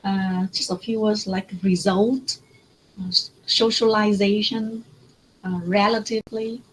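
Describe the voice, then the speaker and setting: A woman's voice: mid-range voice, flat delivery, slow pace, husky, low-quality recording. A woman teacher giving pronunciation feedback to students in an online class, speaking hesitantly with many fillers.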